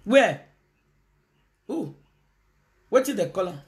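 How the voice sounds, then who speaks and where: A woman's voice: medium pitch, slow pace. A Nigerian woman hosting a casual live video, talking to her viewers and slipping into Pidgin. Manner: animated, switches into Pidgin, calls out to viewers. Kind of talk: casual live-stream talk.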